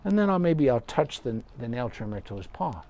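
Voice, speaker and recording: A man's voice: medium pitch, sing-song, a little fast, darkish tone. A middle-aged man, a veterinarian, patiently explaining dog care step by step in a live question-and-answer session, with folksy sayings.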